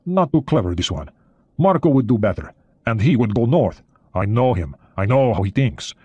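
A man voicing a cold, confident Soviet attack submarine captain who speaks in a calm, measured way in an audiobook reading. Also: mid-range voice, husky, no room sound, dull audio. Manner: calm, measured, sure of himself.

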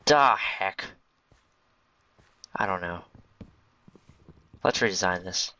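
Guy rambling thru a building game, lowish voice but kinda sharp, dull lo-fi mic. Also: animated, takes it slowly, no echo. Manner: rambling, jokey, talks to himself and to game creatures. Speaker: gaming video host. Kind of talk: casual gameplay commentary. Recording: dull lo-fi home recording.

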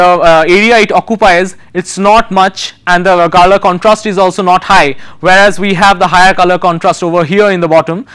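Halting, clear-voiced lecturer. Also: male voice, sits high, fairly bright tone. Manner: halting, frequent restarts and pauses while explaining slides. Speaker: design lecturer. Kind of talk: recorded university lecture.

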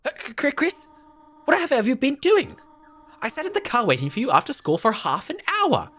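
A man's voice: very high-pitched, wildly swooping pitch, normal speed, fairly bright tone, husky, voice pushed up, heavily acted. A young man voicing a motherly goat-monster who scolds and then forgives her child. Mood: scolding. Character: stern but loving goat-monster mother.

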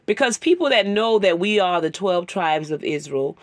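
A woman's voice: lowish voice, lively intonation, normal speed, no room sound. Woman sharing a conversational sermon. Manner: conversational, rambling with fillers; emotional, tearing up. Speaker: Bible teacher. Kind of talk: sermon-style testimony.

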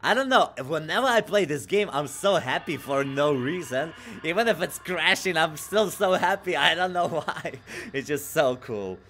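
A fairly high-voiced man hosts a casual game stream, reading viewer messages aloud. His voice has a bright, sharp edge. He is restless and excitable, dropping to low mutters one moment and bursting out loudly the next. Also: moderate pace, hardly any pauses, slight background noise. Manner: excitable and restless, swings from mutters to loud outbursts.

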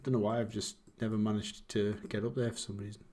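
A young streamer rambles and chats casually while commentating on his own game, often poking fun at himself. He talks fast in a fairly low, mellow voice with a flat delivery.

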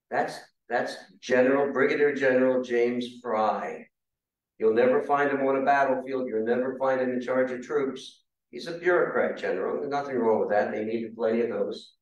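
A man giving a casual, conversational history talk with slides to a roundtable audience, now and then asking the room questions. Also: medium pitch. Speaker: guest speaker. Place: meeting hall. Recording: very echoey room, mic far off.

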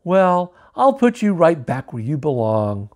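A man reading aloud voices a gentle young woman who loves nature, speaking sweetly and sorrowfully. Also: on the high side, sing-song, unhurried. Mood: cooing.

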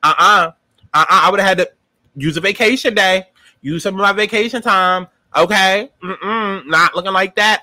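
A man's voice: high-pitched, pushed and bright, dry recording. A man, giving a sassy, profane, dramatic casual commentary as a TV show reviewer. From New York.

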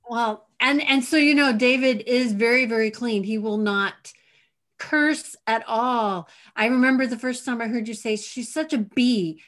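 A woman hosting a casual talk show over a video call, chatty and quick to laugh. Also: on the high side, fairly even intonation, a bit bright. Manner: giggly, bubbly, quick to laugh. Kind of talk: casual chat.

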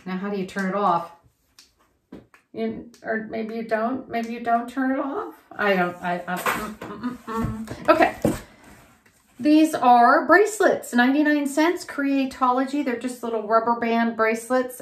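A woman reseller chatting casually as she unboxes craft and holiday items, rambling and thinking aloud with quick laughs. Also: mid-range voice, echoey room. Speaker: reseller unboxing grab bags.

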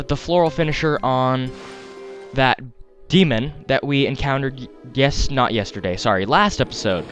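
Male let's play host, Wisconsin accent, mid-pitched, casual playful commentary on a headset mic with soft game music underneath. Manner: chatty, playful, self-correcting, talks to the game characters. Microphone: desktop headset mic. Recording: faint game music behind.

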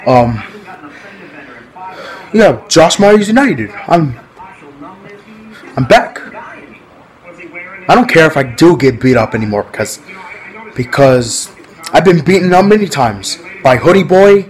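A man's voice: a little high, sing-song, takes it slowly, long pauses, low-quality recording. A man talking casually to his viewers in a rambling, repetitive vlog, often laughing. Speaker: vlogger.

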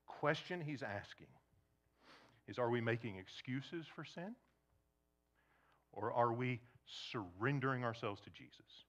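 A man preaching a sermon to a congregation, shifting between loud emphasis and hushed near-whispers, and acting out imagined questioners. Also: mid-range voice, lively intonation, unhurried, pauses often, dull audio. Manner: acts out imagined questioners in quoted asides. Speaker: pastor.

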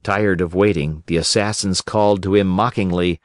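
A man gently narrating a children's storybook audiobook in an expressive reading voice. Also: deep voice, moderate pace, hardly any pauses, no room sound, studio quality.

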